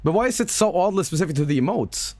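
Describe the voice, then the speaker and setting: A man's voice: sits high, lively intonation, fast talker, a little mellow, dry recording. A man streaming live and chatting casually with viewers, joking, swearing and sarcastic, with music playing behind him.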